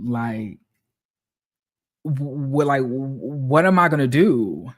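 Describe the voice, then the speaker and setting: A man's voice: on the high side, lively intonation, takes it slowly, fairly bright tone. Exasperated, profane man ranting. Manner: profane, exasperated, repeats phrases. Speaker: streamer. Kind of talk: casual storytelling rant.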